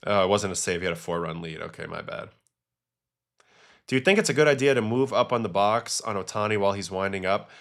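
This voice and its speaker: Casual host, male, lowish voice, talks viewers through game footage off the cuff. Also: fast talker, vocal fry, a bit bright. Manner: chatty, reacting to game clips and chat. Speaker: host, former pitcher. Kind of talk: casual livestream commentary.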